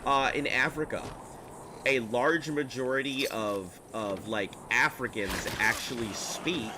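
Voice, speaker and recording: A man's voice: medium pitch, takes it slowly, sharp tone, slight background noise. A man streaming a video game, chatting in a rambling, jokey way while sick and a bit congested. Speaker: gaming streamer. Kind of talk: casual gameplay commentary.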